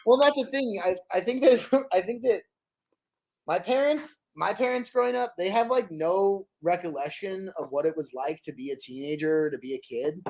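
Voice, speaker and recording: A man's voice: high-pitched, normal speed, a little mellow. A man co-hosting a podcast, talking in a rambling, emphatic way and swearing when he gets worked up. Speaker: podcast co-host. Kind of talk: casual chat.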